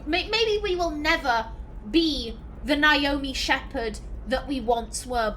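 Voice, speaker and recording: A woman's voice: high voice, a bit bright, slight background noise. A woman hosting a let's play, giving chatty, reflective game commentary as she thinks aloud.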